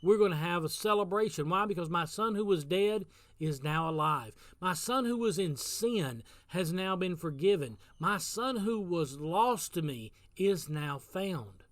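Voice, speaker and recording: A man's voice: high-pitched, lively intonation, unhurried, a bit bright, dry recording. A man giving a casual devotional talk as pastor, telling a story in an earnest way and repeating phrases for emphasis.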